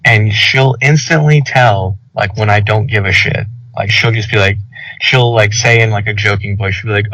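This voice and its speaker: A young man telling a rambling, animated story over casual podcast chat, full of filler words. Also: lowish voice, moderate pace. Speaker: podcast co-host. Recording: dull lo-fi audio.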